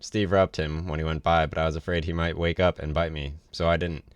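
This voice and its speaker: A man's voice: extremely low pitch, little pitch movement, brisk, smooth, no room sound, dull audio. A man reading a novel aloud on a livestream, in a casual way with offhand asides. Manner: casual read with ad-libbed asides. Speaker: reader.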